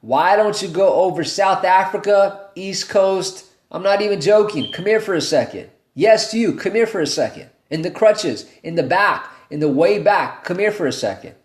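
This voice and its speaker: A man putting on the voice of a loud, confident male speaker calling someone out of a crowd, in an echoey room. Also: high-pitched, lively intonation, moderate pace, hardly any pauses, voice pushed up. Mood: commanding. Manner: loud, commanding.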